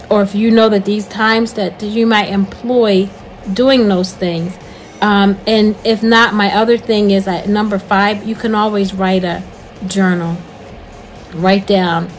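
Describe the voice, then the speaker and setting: An older woman speaks in an earnest, encouraging talk and returns to her key points again and again, much like a preacher. Her voice sits at an ordinary middle pitch, with a faint hiss under it. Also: poor audio. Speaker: host.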